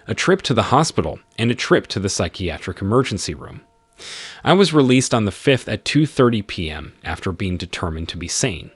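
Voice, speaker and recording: Guy narrating a story, dry close sound, lively up and down delivery. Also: on the low side, husky, no room sound. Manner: expressive storytelling reading. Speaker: channel host and narrator. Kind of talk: narrating a first-person story.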